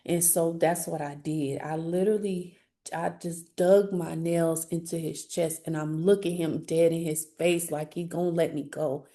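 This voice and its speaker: A woman sharing a personal testimony in an interview, speaking earnestly and haltingly with frequent restarts. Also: sits low, steady tone, mellow. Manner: earnest, halting, grows emotional. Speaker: interviewee telling her life story.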